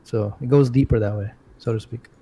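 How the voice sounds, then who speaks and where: A man's voice: medium pitch, a little fast, husky, low-quality recording. A man co-hosting a casual gaming podcast, joking with his partner. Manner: joking, lively intonation. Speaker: podcast co-host. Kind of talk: casual chat.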